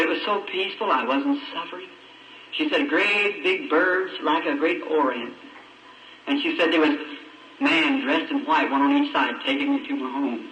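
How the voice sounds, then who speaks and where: A man's voice: mid-range voice, bright, forceful tone, muffled recording. A man, folksy and emotional, telling a story from the pulpit of an old sermon recording. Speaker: preacher. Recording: distant, echoey, noisy old tape.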